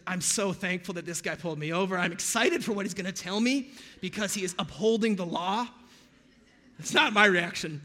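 A man's voice: fairly high pitch, sharp tone, long reverb tail. An American man preaching a sermon as pastor, conversational and sprinkled with jokey pop-culture asides. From United States.

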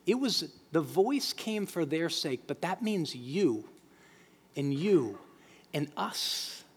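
A man preaching a sermon as pastor, emphatic and animated, quoting scripture in acted voices. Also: on the high side, slow, slightly rough. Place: church sanctuary. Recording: long hall reverb.

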